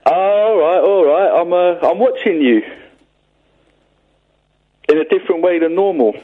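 A man with a husky voice calling in to a radio show, chatting in a playful, teasing way. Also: sits high, unhurried. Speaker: caller. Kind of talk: casual radio chat. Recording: dull phone-in line.

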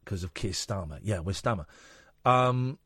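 A man's voice: on the low side, lively intonation, measured pace, a bit bright, breathy edge, dry recording, studio quality. A man hosting a late-night radio phone-in, chatty and jokey, talking frankly with callers.

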